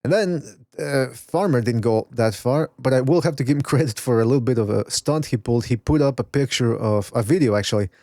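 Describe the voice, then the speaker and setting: A man's voice: medium pitch, brisk, few pauses, darkish tone, no room sound, studio quality. A man hosting a casual boxing podcast, rambling, swearing and reading chat messages aloud. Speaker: podcast host. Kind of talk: casual live-stream chat.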